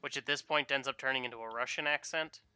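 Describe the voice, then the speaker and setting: A man's voice: medium pitch, quick pace, sharp tone, smooth, no echo. A young man chatting casually while drawing on stream, telling playful, rambling stories. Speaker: streaming artist.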